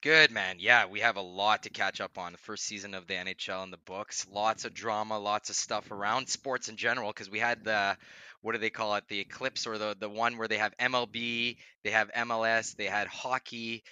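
Bright-voiced man in easygoing podcast chat. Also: lowish voice, clear, resonant tone, no echo. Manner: loose, chatty, calls his co-host brother and buddy. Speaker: podcast co-host.

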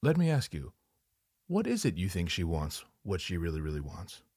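A man voicing a calm therapist in a comic sketch, speaking slowly and softly in a deep voice. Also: breathy edge, no room sound, clean studio sound, full character voice. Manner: slow, soft, measured.

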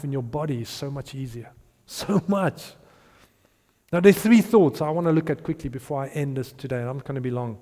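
Lively high-voiced South African pastor. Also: male voice, in a large hall. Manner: animated, repeats himself, laughs between points, drops to hushed tones. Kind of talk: sermon.

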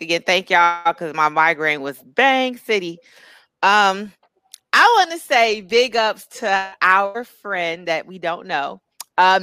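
Young woman, podcast co-host, blunt and profane, swooping animated pitch, dry close sound. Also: clean tone, dry recording. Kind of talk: casual chat.

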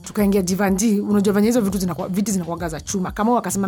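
A young woman, candidly telling a personal story and dropping to a hushed voice when it gets frightening. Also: mid-range voice, fairly even intonation, fast talker. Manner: candid, intense, drops to a hushed voice at scary parts. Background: faint music.

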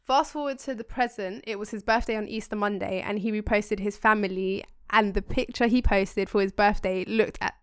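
Smooth-voiced young woman, podcast host. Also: medium pitch, no echo, studio quality. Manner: animated, slangy, quick asides. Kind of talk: casual chat, reading a listener email aloud.

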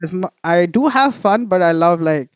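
A man's voice: high voice, expressive, moderate pace, dry recording, clean studio sound. A young man from India, a musician telling stories in a casual interview, laughing often and restarting phrases. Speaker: musician guest.

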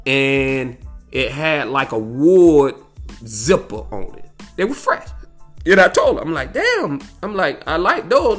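A man's voice: on the high side, a bit bright. A man telling a rambling, profane story in casual chat, saying "you know what I'm saying" again and again. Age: adult, grew up in the nineties.

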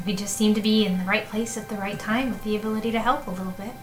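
A woman's voice: medium pitch, fairly even intonation, fast, faint music behind. A woman playing a tabletop game in character, gracious and polite. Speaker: player.

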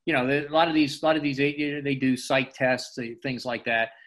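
A man's voice: medium pitch, level tone, a bit bright. A man being interviewed, speaking earnestly and often repeating words as he gathers his thoughts. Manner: earnest, halting, repeats words while thinking. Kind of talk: casual interview conversation.

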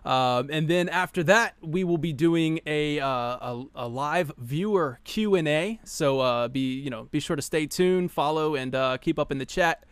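Male podcast host, excitable and giggly, slightly high voice, dry studio sound. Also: a little slow, few pauses, smooth, dry recording. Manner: hyped, laughs often, restarts sentences. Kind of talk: casual live podcast chat.

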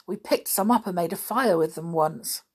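A woman's voice: medium pitch, husky, heavily acted. Woman doing fiery tomboy girl George. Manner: fiery, possessive.

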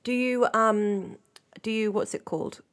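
A woman's voice: on the high side, fairly even intonation, measured pace, a bit bright. A woman co-hosting a casual podcast chat, teasing her co-host, laughing often and saying "like" a lot.

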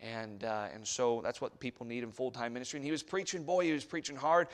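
A male missionary preacher in a church sanctuary, at an ordinary middle pitch for a man. He tells stories from the pulpit, dropping to near-whispered asides and then rising to loud exhortation. He calls out questions to his congregation and waits for them to answer. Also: fairly even intonation, fast talker. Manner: storytelling, swings from hushed asides to loud exhortation; call-and-response with the congregation. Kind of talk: sermon.

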